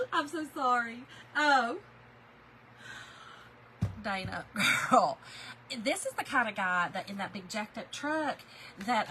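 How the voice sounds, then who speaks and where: A woman's voice: on the high side, pushed and bright, slight background noise, low-quality recording. A woman hosting a chatty live stream, greeting viewers by name, laughing easily and getting emotional.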